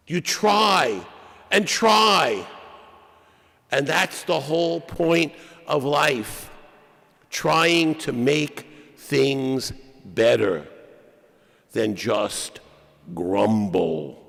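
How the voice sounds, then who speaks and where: A man's voice: high-pitched, vocal fry, fairly bright tone. A priest from New York preaching a sermon to his congregation, repeating phrases and asking them questions. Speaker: pastor. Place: large church. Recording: long church reverb.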